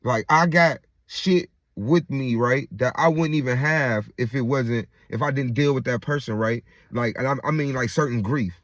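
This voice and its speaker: A man's voice: medium pitch, moderate pace, few pauses, dry recording. A man venting straight to his viewers in a loose, profane monologue. He circles back over the same points and restarts phrases, and keeps tossing in "right?" and "you get what I'm saying?" The recording is dry and close. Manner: repeats himself and restarts mid-phrase. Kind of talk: casual venting monologue to the camera.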